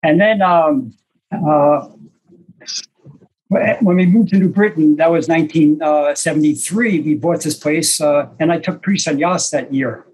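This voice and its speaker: Over a video call, an older man who is a senior disciple tells reflective, self-deprecating stories to a small group, hesitating with fillers. His voice runs fairly high, unhurried, a little mellow and breathy, and the audio is poor.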